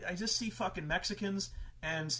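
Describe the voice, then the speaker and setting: A man's voice: high-pitched, brisk, bright, forceful tone, voice pushed up. Blunt sneering bigot woman, as a man puts her on. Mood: contemptuous. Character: bigoted middle-aged woman ranting.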